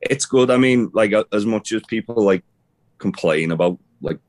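Very deep-voiced man chatting. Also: normal speed, darkish tone. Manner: rambling, many restarts and fillers, swears casually. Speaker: podcast co-host. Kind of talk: casual chat about wrestling.

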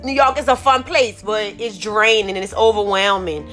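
A woman's voice: medium pitch, normal speed, a bit bright, soft background music. A woman from New Orleans with a Southern accent, hosting a solo podcast on her phone, ranting irritably with lots of swearing and repeated "like I said.". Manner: profane, irritated, rambling, repeats "like I said". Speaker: podcast host.

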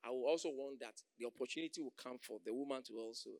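A man preaching a sermon as pastor, calling for amens, acting out quoted voices and swinging between loud calls and soft asides. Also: mid-range voice, quick pace, dry recording, clean studio sound.

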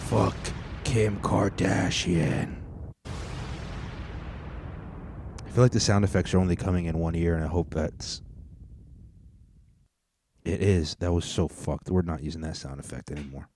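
A man's voice: low voice, steady tone, unhurried, pauses often, a little mellow, a little hiss or hum. A man hosting a podcast, ranting casually and comedically, profanely and in rambling bursts. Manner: profane, rambling, with frequent restarts. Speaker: podcast host.

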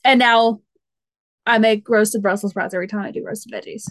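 A woman co-hosting a podcast, chatty and animated with laughing asides in casual conversation. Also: mid-range voice, moderate pace, no room sound. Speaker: podcast co-host. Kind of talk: casual chat.

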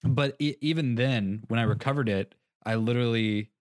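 A man's voice: medium pitch, normal speed, no echo, studio quality. A young man co-hosting a podcast in casual chat, rambling through a story, restarting his sentences and laughing at himself. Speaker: podcast co-host.

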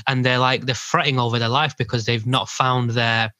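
A man's voice: mid-range voice, flat delivery, moderate pace, pushed and bright, no room sound. A man in his thirties co-hosting a podcast, chatting casually and animatedly with lots of fillers. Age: 30s. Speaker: podcast co-host. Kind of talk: casual chat.

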